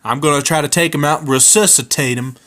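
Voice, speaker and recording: A man's voice: on the high side, fast, a bit bright, pitched above the performer's own voice, close to an everyday voice. A man voicing a crude, hotheaded redneck husband who drawls and curses in a comedic storytime. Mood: gruff. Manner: drawling, cursing.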